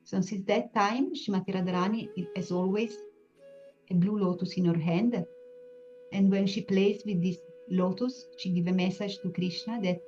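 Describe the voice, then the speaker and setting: A woman telling a devotional story in a halting way, with many pauses and restarts. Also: mid-range voice. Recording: dull lo-fi sound, soft music behind.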